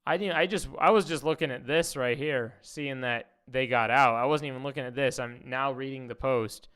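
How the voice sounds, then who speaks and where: A man's voice: mid-range voice, normal speed, fairly bright tone, clean tone. A man streaming casual commentary, rambling, swearing and reading posts aloud.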